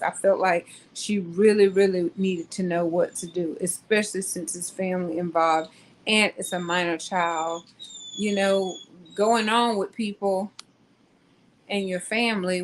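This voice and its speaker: A woman hosting a casual live talk, pausing often with ums and restarts. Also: mid-range voice, slight background noise, poor audio. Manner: slow, hesitant, many ums and restarts. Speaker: host.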